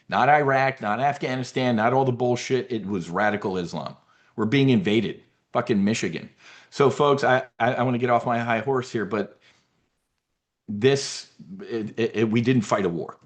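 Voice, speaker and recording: A man's voice: medium pitch, lively intonation, moderate pace. A man hosting a members' briefing, ranting about politics in a combative, profane way and mocking opponents in put-on voices. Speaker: trading newsletter host.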